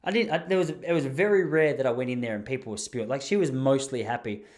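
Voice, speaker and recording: Young Aussie host, casual yarn-spinner, self-mocking, many restarts. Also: male voice, mid-range voice, fast talker, darkish tone. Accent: Australian. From Traralgon, Gippsland, Australia. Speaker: podcast host. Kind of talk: casual storytelling.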